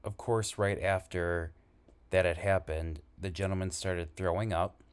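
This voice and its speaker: A man who works as an emergency responder, earnestly retelling a frightening call in halting, conversational storytelling. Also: low voice, fairly even intonation, clear, resonant tone. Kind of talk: spoken storytelling.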